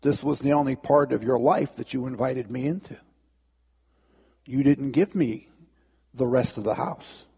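A man voicing Jesus as a calm, assured male figure who speaks softly in a sermon story. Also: medium pitch, moderate pace, vocal fry, few pauses, breathy edge, big-room sound, pitched below the performer's own voice.

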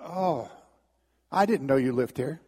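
A man's voice: medium pitch, expressive, measured pace, a little mellow, breathy edge, long reverb tail, voice pushed down. A man voicing Satan as a roaring, possessive male demon in a spoken sermon story. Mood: menacing.

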